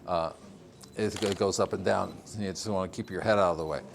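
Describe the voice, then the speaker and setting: An older man from Vermont leads a relaxed tour of his greenhouse, talking in a low voice. He rambles through long explanations, full of fillers and easy chuckles. A faint hiss of background noise sits under the recording. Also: a little fast, creaky. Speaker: farmer giving a tour. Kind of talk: casual walking-tour interview.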